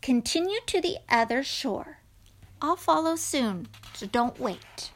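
A woman voicing a calm, gentle male teacher in a children's storybook, speaking softly and reassuringly. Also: sits high, takes it slowly. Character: gentle calm adult man, spiritual teacher.

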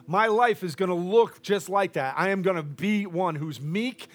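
A man preaching a sermon to a congregation, loud and boisterous at times and dropping to a near hush at others. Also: high voice, expressive, normal speed, few pauses.

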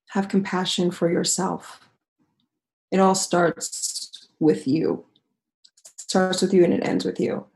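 A woman's voice: fairly low pitch, vocal fry, darkish tone, rough recording. A woman who is a teacher, talking candidly as a podcast guest, earnest and frank, swearing freely and laughing easily. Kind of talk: casual, candid interview talk.

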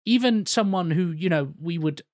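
A man's voice: sits high, normal speed, no room sound. Guy musing on a podcast, lots of ums and likes, dry close sound. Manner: thoughtful, hesitant, full of fillers. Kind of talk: casual chat about acting.

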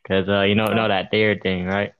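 A man's voice: lowish voice, flat delivery, moderate pace, clear, resonant tone, highs cut off. A young man, joking in casual chat with friends and calling them "bro.". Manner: joking, slangy, calls people "bro". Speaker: friend in conversation.

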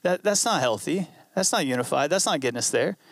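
A man's voice: fairly high pitch, expressive, a little fast, dry recording, clean studio sound. A man preaching a sermon in an earnest, conversational way, repeating key phrases. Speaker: pastor.

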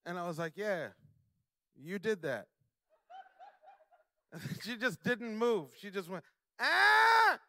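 High-voiced, emphatic young preacher man. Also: wildly swooping pitch. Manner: emphatic, slowing down to stress key words; builds to loud, high-pitched preaching. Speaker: pastor; father. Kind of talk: sermon.

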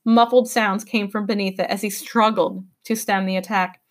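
A woman teacher reading a novel aloud to her class with expressive storytelling delivery. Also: medium pitch, normal speed.

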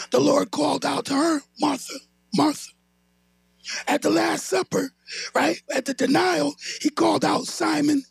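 A man's voice: extremely high pitch, creaky, no echo. A man preaching a sermon, calling on the congregation to answer him and building into a sung, whooping delivery. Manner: calls on the congregation to respond, rising into a sung whoop.

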